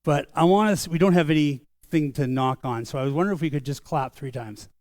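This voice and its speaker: Older man, pastor, sermon, earnest, conversational, slightly high voice, dry close mic. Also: darkish tone, dry recording. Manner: earnest, conversational, slows for solemn lines. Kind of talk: sermon storytelling. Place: church sanctuary.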